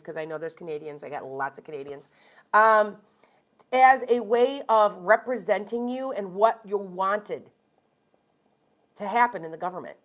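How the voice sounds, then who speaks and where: Opinionated woman rambling on a livestream. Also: mid-range voice. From Wisconsin, US. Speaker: tarot reader and medium. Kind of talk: casual live-stream chat.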